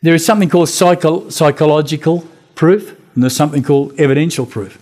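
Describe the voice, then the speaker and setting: Male preacher, slightly higher voice, mellow tone, animated sermon storytelling. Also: fast talker.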